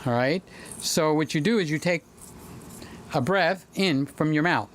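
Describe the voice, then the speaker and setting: A man's voice: a little high, measured pace, a little hiss or hum. A man hosting a casual livestream, chatting with viewers by name and now and then singing to them. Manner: chatty, talks to viewers by name, breaks into sung lines. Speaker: livestream host. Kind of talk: casual livestream chat reading viewer comments. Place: home studio room.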